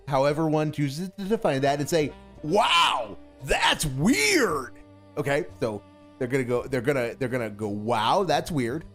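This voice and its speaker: A man giving sarcastic, exasperated reaction commentary on a clip, mocking what he hears. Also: fairly high pitch. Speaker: stream commentator.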